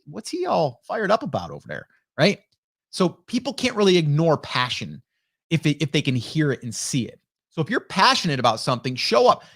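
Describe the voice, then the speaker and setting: A man hosting a casual live stream who talks fast and gets fired up, tagging his points with "right?" and "okay?", close on a broadcast studio mic. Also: on the high side, no room sound. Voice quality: energetic, fired-up, rapid talker. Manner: rhetorical "right?" and "okay?" tags. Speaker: livestream host. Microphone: broadcast dynamic studio mic.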